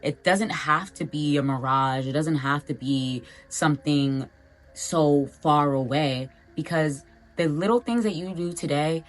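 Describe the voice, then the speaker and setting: A young woman with a notably low-pitched voice speaks in a casual motivational vlog. Her delivery is earnest and encouraging, loose and chatty, addressed straight to her viewers. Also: unhurried. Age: young adult. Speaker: vlogger.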